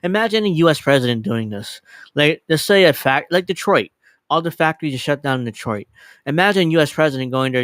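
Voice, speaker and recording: A man's voice: fairly high pitch, lively intonation, fairly quick, fairly bright tone, no room sound. Profane, sarcastic male streamer. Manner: profane, sarcastic, laughs often. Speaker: livestream host. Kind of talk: casual commentary on a video clip.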